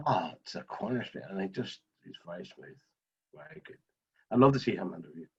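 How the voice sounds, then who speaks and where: A man's voice: sits low, big pitch swings, fairly quick, vocal fry, a little mellow, husky, dull audio. A man with a Northern Irish accent, a guest in a casual video call interview, chatty and fond of telling funny stories. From Northern Ireland. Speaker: guest driver. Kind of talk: casual interview chat, storytelling.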